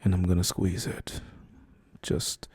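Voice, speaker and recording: A young man speaking in a whispered role-play, comforting a listener as their boyfriend. His voice is very dark and husky, recorded dry and close with no room sound. He talks slowly and gently, pausing often with soft fillers. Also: lowish voice, no room sound. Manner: soft, slow and reassuring, with hesitant fillers.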